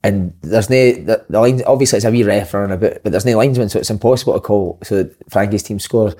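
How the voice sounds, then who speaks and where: A man's voice: fairly low pitch, fast talker, dark tone. A Scottish man co-hosting a casual football podcast, telling stories with swearing and banter. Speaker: podcast co-host. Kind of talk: casual chat.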